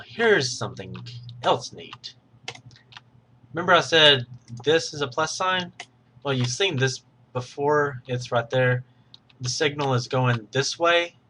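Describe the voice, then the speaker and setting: A man's voice: medium pitch, sharp tone, slight background noise. A man patiently explaining game mechanics step by step while recording his screen, sometimes correcting himself mid-sentence. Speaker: tutorial host.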